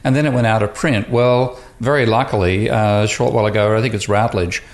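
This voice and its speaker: Male professor guest, low voice, rambling anecdotal podcast talk. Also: steady tone, fairly quick. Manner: rambling, anecdotal, many restarts. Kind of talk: casual podcast conversation.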